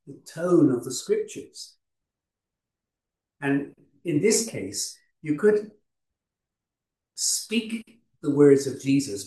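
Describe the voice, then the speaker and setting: A man preaching a sermon, unhurried, with frequent restarts and fillers. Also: fairly high pitch, darkish tone, distant mic. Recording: roomy hall, voice from off-mic.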